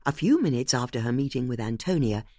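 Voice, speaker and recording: An audiobook narrator reading a mystery in an expressive way. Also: medium pitch, quick pace, dry recording, clean studio sound.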